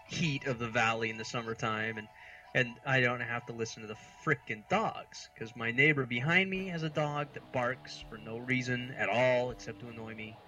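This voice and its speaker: With a bright, forceful mid-range voice, an American man in his thirties co-hosts a podcast and tells rambling, exasperated stories that poke fun at himself. The audio quality is poor.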